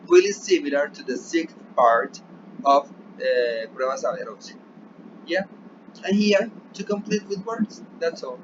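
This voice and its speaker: A male English teacher with a Colombian Spanish accent walks his students through a recorded remote lesson, often pausing to ask "yeah?". His voice sits a little higher than most men's. The recording is dull and lo-fi, with clear noise behind him. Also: animated. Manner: switches between English and Spanish, checks in with "yeah?".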